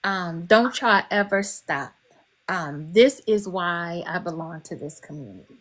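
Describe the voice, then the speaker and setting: A woman's voice: on the low side, a little slow, a bit bright. A woman guest author chatting on a podcast, emotional and candid, laughing often and swearing freely. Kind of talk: casual podcast chat.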